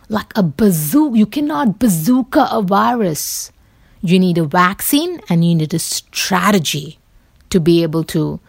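A woman's voice: on the low side, expressive, normal speed, creaky, darkish tone, husky, no echo, clean studio sound. A woman talking loosely to camera in a rambling, chatty way, full of fillers and the odd swear word. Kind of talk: casual rambling monologue.

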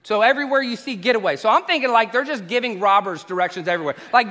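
A man preaching a sermon, an animated storyteller who acts out the exchanges he describes. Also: high-pitched, very fast, hardly any pauses. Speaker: pastor. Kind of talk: sermon with humorous travel stories. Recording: echoey hall reverb.

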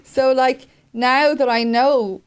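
A woman's voice: high-pitched, fairly even intonation, takes it slowly, clear, resonant tone. A woman co-hosting a podcast, talking earnestly and reflectively, with some casual swearing. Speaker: podcast co-host. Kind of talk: casual chat.

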